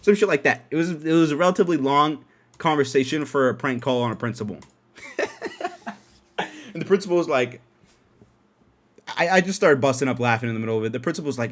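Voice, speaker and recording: A young man hosting a podcast from his dark room at home, telling a story in an animated, profane way and laughing often. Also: fairly high pitch, fast talker, pauses often. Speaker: podcast host. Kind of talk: casual storytelling.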